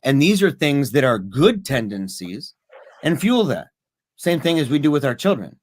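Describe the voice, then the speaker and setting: A man's voice: mid-range voice, big pitch swings, moderate pace, no room sound. A man co-hosting a casual podcast, talking earnestly and animatedly, often laughing and repeating himself. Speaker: podcast co-host.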